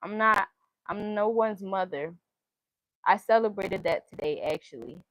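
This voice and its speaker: A woman's voice: medium pitch, a little slow, fairly bright tone, dry recording, rough recording. A woman giving a casual tarot reading, listing card meanings in a chanting cadence and speaking her mind bluntly, with frequent swearing. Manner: blunt and outspoken, swears freely. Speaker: tarot reader.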